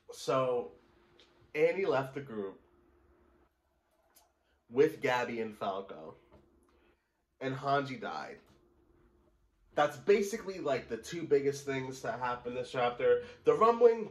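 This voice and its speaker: A man reacts casually to a manga chapter, speaking slowly with long pauses in a medium-pitched voice and lively intonation. Recorded in an echoey room, he exclaims, curses, and keeps addressing the listener as bro.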